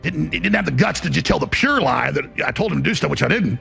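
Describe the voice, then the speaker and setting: A middle-aged man with a gravelly, raspy voice dramatically retells a dispute, mimicking the other person. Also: on the high side, lively intonation, quick pace, fairly bright tone, soft background music. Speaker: show host recounting a dispute. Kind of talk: heated monologue clip.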